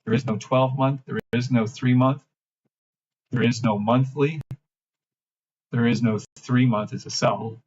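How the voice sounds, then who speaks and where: Livestream host, male, husky voice, brash and mocking, dull lo-fi stream sound. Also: medium pitch, steady tone, a little slow, long pauses. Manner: brash, mocking, profane, swings between shouting and mumbling. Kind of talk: live-stream rant and chart reading.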